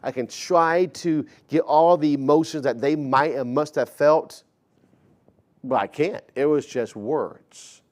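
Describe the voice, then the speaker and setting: A man's voice: a little high, slow, a little mellow. A man in his forties preaching a sermon in a conversational storytelling way, often stammering and repeating words. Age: 40s. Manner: acts out quoted dialogue in shifting voices.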